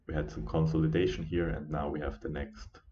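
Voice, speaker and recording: A tired man talking casually through a live trading stream as its host, halting with many fillers and restarts. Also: rumbling low, level tone, warm tone. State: sleepy, yawning. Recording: dull lo-fi stream audio.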